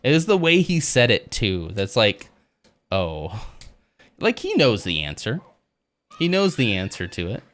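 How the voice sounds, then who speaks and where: A man's voice: lowish voice, wildly swooping pitch, measured pace, long pauses, fairly bright tone. A man livestreaming as he builds a Lego set, chatting casually and laughing often at himself.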